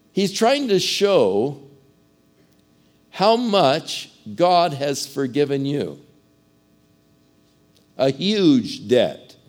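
A man preaching a sermon, emphatic and dramatic, swinging between loud bursts and hushed asides. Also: fairly high pitch.

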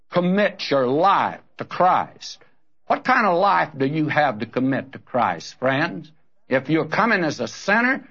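A man's voice: on the high side, a bit bright. Earnest male preacher, lo-fi recording. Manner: earnest, direct, addresses listeners as friend and brother. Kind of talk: sermon. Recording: dull lo-fi recording.

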